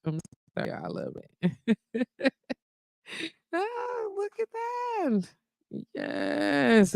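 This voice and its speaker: A woman's voice: low voice, clean tone, dry recording. A woman hosting a live online show from her wellness practice, chatting casually with viewers, greeting them and laughing often.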